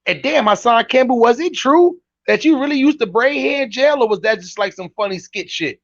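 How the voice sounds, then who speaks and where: A man's voice: extremely high pitch, expressive, a little fast, dry recording, highs cut off. A man hosting a podcast, giving mocking, incredulous reaction commentary on live-stream clips in slangy street talk and laughing often. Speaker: podcast host.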